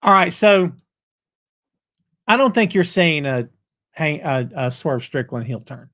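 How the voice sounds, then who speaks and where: A man's voice: on the high side, unhurried. A middle-aged man hosting a live wrestling talk show, folksy and jokey as he banters with viewers. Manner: animated, folksy, jokey banter with chat readers. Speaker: podcast host.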